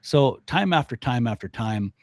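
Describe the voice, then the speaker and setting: An older man, a guest on a podcast, talking casually and lively, mimicking sounds as he explains. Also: mid-range voice, moderate pace, no echo, clean studio sound. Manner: animated, mimics elk bugles and voices. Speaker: guest, elk calling expert.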